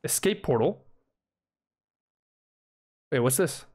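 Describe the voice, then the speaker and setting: A young man giving excited, swearing commentary on his own gameplay, talking to himself and taunting enemies. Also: medium pitch, slow. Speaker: gaming streamer.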